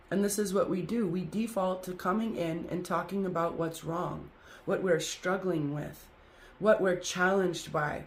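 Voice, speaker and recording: A woman hosting a spiritual group talk and card reading, speaking in an effusive way with chant-like repetition. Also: medium pitch.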